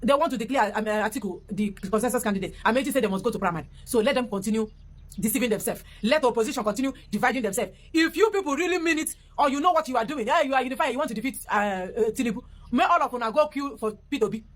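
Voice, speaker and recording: A Nigerian woman tears into her targets with rapid-fire speech, her voice pitched high. She slips between English and Pidgin, hurling rhetorical questions in a mocking, combative rant. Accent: Nigerian, mixing in Pidgin. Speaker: political commentator. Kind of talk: impassioned political rant.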